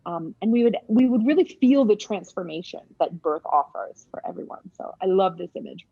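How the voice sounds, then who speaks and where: A woman midwife commenting on a birth video, talking enthusiastically and explaining with many pauses and ums. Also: mid-range voice, expressive, creaky, breathy edge, no echo, phone-quality sound.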